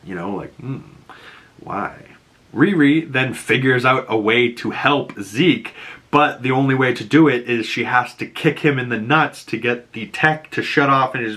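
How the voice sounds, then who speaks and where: A man's voice: mid-range voice, sharp tone. A man casually recapping and reacting to a TV episode in a chatty way, full of fillers and laughing at his own quotes. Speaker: reaction and breakdown host.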